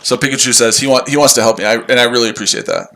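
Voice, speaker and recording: A man's voice: medium pitch, very fast, sharp tone. Sarcastic, tired man streaming trades. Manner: sarcastic, repetitive, combative. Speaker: trading livestream host. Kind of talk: live trading stream, answering chat.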